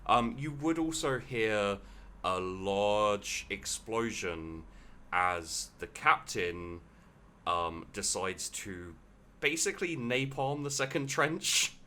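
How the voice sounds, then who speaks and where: A man's voice: on the low side, animated, takes it slowly, bright, forceful tone, slight background noise. A man narrating as game master of a tabletop game, describing scenes with many hesitations and fillers. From England. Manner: hesitant, many ums and likes.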